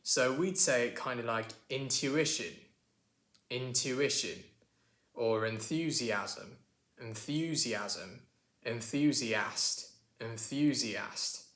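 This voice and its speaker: A man voicing his chatty young British cousin with a Southern English accent, casually demonstrating words by repeating them slowly. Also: medium pitch, a bit bright, roomy sound.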